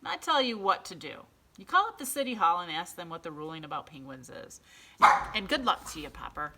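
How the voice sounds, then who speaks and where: A woman's voice: lowish voice, sing-song, fairly quick, heavy background noise. A woman voicing a puzzled, good-natured male policeman who talks in a folksy, easygoing way.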